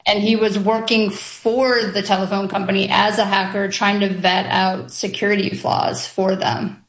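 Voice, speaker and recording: A woman's voice: mid-range voice, level tone, normal speed, echoey room, low-quality recording. A woman guest on a radio discussion, explaining thoughtfully with some hesitations. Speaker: guest commentator.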